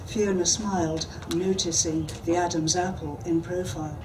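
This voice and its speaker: A woman's voice: on the low side, steady tone, moderate pace. A woman author reading her fiction aloud and answering a question at a panel event. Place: event hall. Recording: distant mic with background noise.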